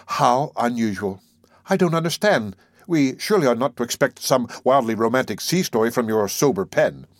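A man reading aloud and voicing a composed, gracious young woman poet in a soft, gently raised voice. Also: mid-range voice, expressive, normal speed, dry recording, studio quality, close to an everyday voice.

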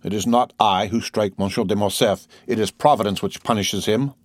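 A proud nobleman bent on revenge, read by a man, speaks with cold, measured calm and a bitter edge. The voice sits very low. The audiobook recording is dry and close. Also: no echo, natural voice. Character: proud, coldly vengeful nobleman, middle-aged man. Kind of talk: audiobook character reading.

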